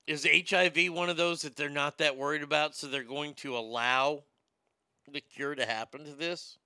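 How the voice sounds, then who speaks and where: A man with a very bright, smooth voice and a touch of gravel riffs on the news, joking irreverently and tripping over restarts. The recording is dry and close. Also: a little high, steady tone, moderate pace, no echo. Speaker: show host reading news and chat comments. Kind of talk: casual commentary.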